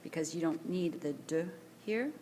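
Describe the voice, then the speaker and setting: A woman teacher recording a screencast vocabulary lesson, speaking slowly and carefully and repeating each word for pronunciation practice. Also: sits low, mellow, a little hiss or hum. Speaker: French teacher. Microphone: tablet screencast voice-over.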